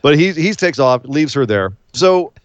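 A man co-hosting a casual wrestling recap chat, animated and acting out scenes in silly voices. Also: fairly high pitch, normal speed, no echo, dull audio. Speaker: podcast co-host.

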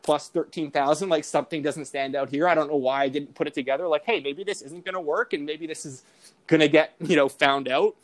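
A man's voice: on the high side, fairly even intonation, fairly quick. A young adult man on a podcast, telling a story casually and rambling, with many fillers and quoted asides. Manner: rambling, lots of "like" and "I'm like" quotes. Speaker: guest, sports betting editor.

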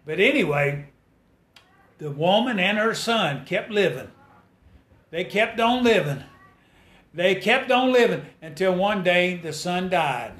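A preacher with a notably high voice delivers a folksy sermon. He repeats his phrases, asks the congregation if they hear him, and builds to fervent, ringing declarations. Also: animated, takes it slowly, pauses often, a bit bright.

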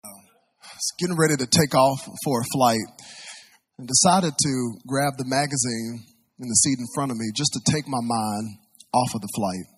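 A man preaching a sermon, telling a story dramatically with big swings in loudness. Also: mid-range voice, normal speed, slightly rough.

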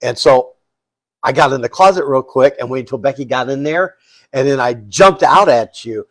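Man, co-host, animated storyteller who gets loud when excited, dry close-miked sound. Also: medium pitch, moderate pace, dry recording. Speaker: podcast co-host. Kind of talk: casual storytelling chat.

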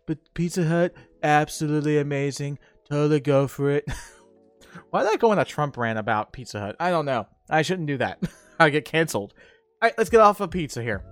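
A man hosts his podcast alone, rambling from one thought to the next and laughing at his own jokes. His slightly high voice swings up and down with animation. The sound is dry and close, with faint music underneath. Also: fairly bright tone, no echo. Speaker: podcast host. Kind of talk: casual solo podcast monologue.

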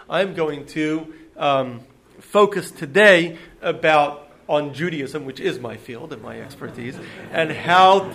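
A man's voice: on the high side, fairly bright tone. Man lecturing with frequent ums. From United States. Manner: hesitant, many ums and restarts. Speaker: lecturer on Judaism. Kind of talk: public lecture to an audience.

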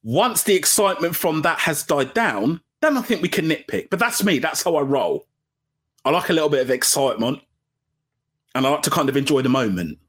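Man, podcast host, casual solo chat, self-mocking, animated pitch, home mic. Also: fairly quick, slightly rough. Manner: chatty, self-mocking, swings between mumbling low and loud high bursts. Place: at home, sitting under a blanket.

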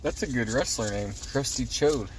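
A man with a mid-pitched, ordinary voice talks in a laid-back, low-energy way through casual podcast chat, with swearing sprinkled throughout. A faint hiss runs under the recording. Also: normal speed. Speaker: podcast co-host.

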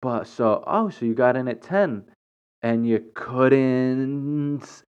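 A woman's voice: extremely low pitch, takes it slowly, smooth, pitched above the performer's own voice. A man quoting a nosy churchgoing woman, asking pointed, insinuating questions in a slightly muffled recording. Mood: prying. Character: nosy churchgoing woman, prying and passive-aggressive.

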